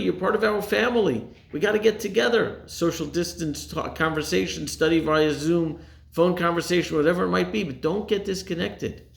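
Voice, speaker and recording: A man's voice: sits high, vocal fry, reverberant. A man in his forties, a rabbi, giving an earnest, emphatic motivational talk and repeating phrases for stress.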